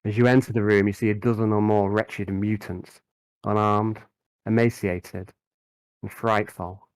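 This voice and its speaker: A man narrating as game master in a tabletop game, describing scenes with frequent halting fillers. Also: fairly low pitch, level tone, smooth, no echo, rough recording.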